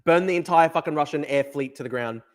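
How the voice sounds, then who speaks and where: A man hosting a live-streamed news show who reacts to chat, swears hard and repeats himself for emphasis. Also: fast talker. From Australia. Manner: profane, emphatic, repeats himself, mocks in a high voice. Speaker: livestream news host.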